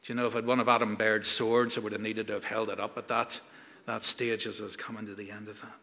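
A man's voice: lowish voice, flat delivery, fast talker, pushed and bright, big-room sound. A man preaching a sermon, earnest and building to emphatic peaks.

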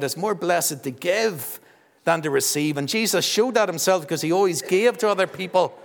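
Pastor, man, high voice, quizzing kids into a handheld mic, long church reverb. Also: vocal fry. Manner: warm, teasing, quizzes children. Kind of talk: children's talk in a church service. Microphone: handheld microphone passed around.

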